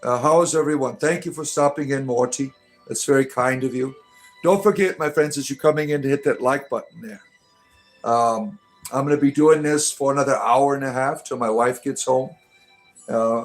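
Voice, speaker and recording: A middle-aged man hosting a casual livestream, reading chat aloud and answering with sarcastic, mock-preachy remarks and frequent filler words. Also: mid-range voice.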